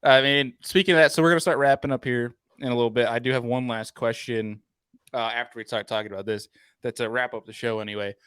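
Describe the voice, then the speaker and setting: A man's voice: medium pitch, steady tone, quick pace, a bit bright, smooth, no room sound. Male podcast host, easygoing interviewer, dry close-miked sound. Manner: laughs along, short reactions. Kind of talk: casual interview chat.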